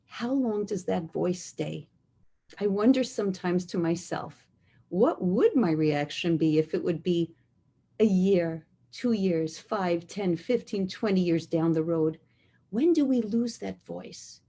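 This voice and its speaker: A middle-aged woman giving an inspirational talk on relationships, earnest and emphatic, slowing down to repeat key phrases. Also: on the low side, lively intonation, mellow, slightly rough. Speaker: speaker on relationships.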